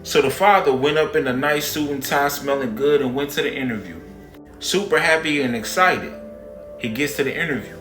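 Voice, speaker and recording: Bright-voiced man telling a moral story. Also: medium pitch, normal speed, reverberant, soft background music.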